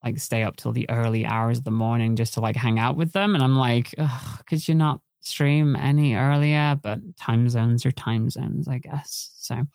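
A man's voice: medium pitch, fairly even intonation, moderate pace, vocal fry, hardly any pauses, darkish tone, no room sound, clean studio sound. A man hosting a live-streamed podcast, rambling and giggly, often laughing at himself. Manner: giggly, self-deprecating, rambling. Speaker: podcast host.

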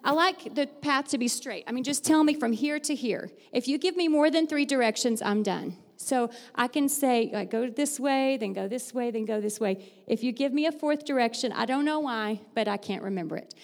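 A woman with a high voice speaks in a bright teacher voice, upbeat and chatty, laughing easily as she leads a church group. Her words ring out with a long reverb off the hall. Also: normal speed, hardly any pauses. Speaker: fourth-grade teacher giving a church talk. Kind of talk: lively church devotional with audience participation.

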